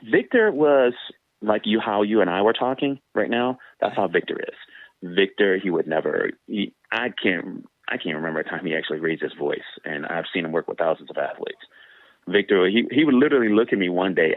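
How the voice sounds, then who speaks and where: Former sprinter, male guest, animated anecdotes with jumping pitch, tinny dry phone audio. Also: brisk, dry recording. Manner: animated, acts out quoted voices with big pitch jumps. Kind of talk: casual storytelling in an interview.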